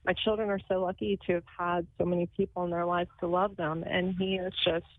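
A woman's voice: lowish voice, flat delivery, brisk, noisy background. A woman calling in to a radio show, emotional and laughing through tears as she talks. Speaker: caller. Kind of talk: phone call to a radio show. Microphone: phone. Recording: tinny phone line.

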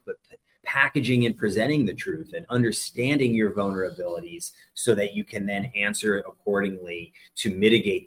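A man with a somewhat low voice speaks as a guest on a radio interview. He talks earnestly, with points coming out in quick bursts. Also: poor audio.

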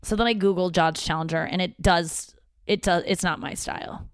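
Speaking at normal speed with fairly even intonation, a woman with a lowish, smooth voice tells a rambling, profane story solo from her home office, acting out others' words. She's a stand-up comedian and podcast host from the St. Louis area, recorded dry with clean studio sound.

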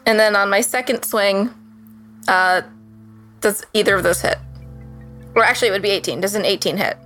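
A woman playing a tabletop role-playing game, excitable and giggly, swearing as she describes her attacks. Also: medium pitch, moderate pace, soft background music. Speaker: player. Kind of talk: casual tabletop play.

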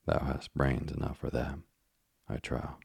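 A man reading an audiobook, voicing a stern, scheming old witch woman who speaks in archaic phrases, with a husky, half-whispered edge. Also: a bass voice, steady tone, measured pace, darkish tone, dry recording, clean studio sound, exaggerated voice. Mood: doting.

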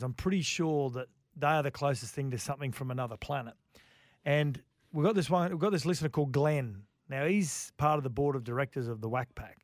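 A man's voice: mid-range voice, dry recording. A man hosting a sports radio show in a studio, upbeat and chatty as he takes calls. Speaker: radio host. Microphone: studio mic.

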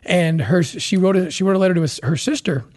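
A man's voice: sits high, fairly quick, a little mellow. A man speaking as a podcast guest, telling a story in an earnest, passionate way with frequent restarts. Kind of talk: conversational interview storytelling.

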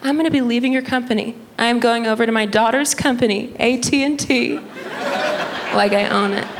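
A woman voicing her flustered, thrifty sixty-three-year-old mother in high, indignant outbursts on a comedy stage. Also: brisk, close to an everyday voice. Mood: exasperated. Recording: live club crowd and noise. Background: audience laughter.

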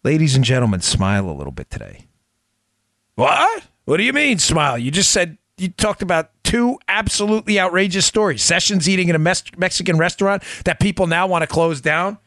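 A man delivers political commentary with big swings of pitch, leaning hard on his points. His voice sits high and lively. The sound is dry and close, with no room around it. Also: fairly quick, hardly any pauses, no echo. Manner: animated, emphatic, laughs often. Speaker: podcast host.

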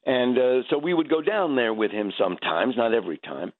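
This stage actor is an American man in his seventies, interviewed over a tinny phone line. He speaks reflectively yet very animatedly, a little fast, in a mid-range voice, often starting his sentences over.

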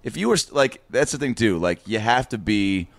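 A man hosting a podcast, asking questions with halting restarts. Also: fairly low pitch, expressive, creaky, dry recording. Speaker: podcast host. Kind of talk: casual podcast interview.

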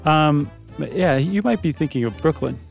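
A man's voice: fairly high pitch, expressive, moderate pace, creaky, soft background music. A man co-hosting a podcast, chatting casually and wryly, trading jokes with his partner. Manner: wry, joking. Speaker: podcast co-host. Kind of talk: casual chat.

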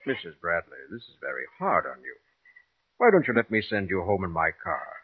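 A stiff, rule-bound postal official in an old radio play who is formal and firm but flustered. His husky voice swings widely in pitch, heard through a tinny, narrow broadcast sound. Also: huge pitch swings, brisk, heavily acted. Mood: uneasy. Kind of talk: 1940s radio acting.

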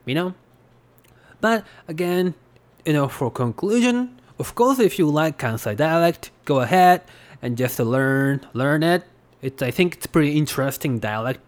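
A man hosting a relaxed spoken language lesson, talking loosely with frequent fillers and restarts. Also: on the high side, a little slow. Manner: relaxed, hesitant, many fillers. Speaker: podcast host teaching Japanese.

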